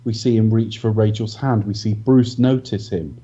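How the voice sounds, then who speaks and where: Guy breaking down a movie scene by scene, mellow voice, kinda muffled audio. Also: fairly low pitch, fairly even intonation, moderate pace, breathy edge. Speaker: podcast co-host. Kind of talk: casual film review chat. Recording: dull lo-fi audio.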